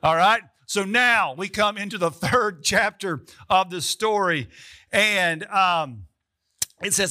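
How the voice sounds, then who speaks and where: A man's voice: high-pitched, takes it slowly, pushed and bright. A man preaching a sermon as a casual retelling, with frequent asides to the audience.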